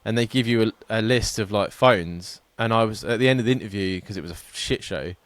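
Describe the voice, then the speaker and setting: Male co-host, lowish voice, rambling self-deprecating anecdotes, dry mic. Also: brisk, dry recording. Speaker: podcast co-host. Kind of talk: casual chat.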